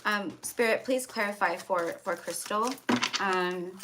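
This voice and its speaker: A woman's voice: mid-range voice, measured pace, heavy background noise. Chatty woman reading tarot live. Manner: chatty, affectionate, calls viewers love and hon. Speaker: tarot reader.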